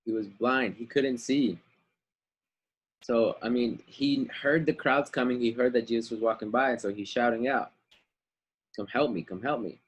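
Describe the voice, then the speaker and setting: Husky guy teaching bible class on a video call, chill and slangy. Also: medium pitch, steady tone, moderate pace, low-quality recording. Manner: casual, retells scripture in modern slang. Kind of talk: online Bible class lesson.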